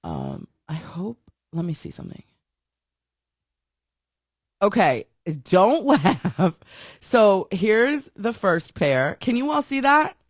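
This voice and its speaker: A woman's voice: medium pitch, slow pace, long pauses, no room sound, clean studio sound. Chatty woman hosting a livestream. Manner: chatty, animated storytelling with many fillers and restarts. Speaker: host of an online show. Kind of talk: casual livestream chat.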